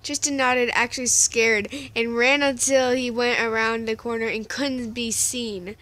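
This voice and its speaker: A woman's voice: on the high side, steady tone, measured pace, bright, forceful tone. A woman reading a story aloud in a casual, stumbling way, correcting herself as she goes. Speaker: story reader.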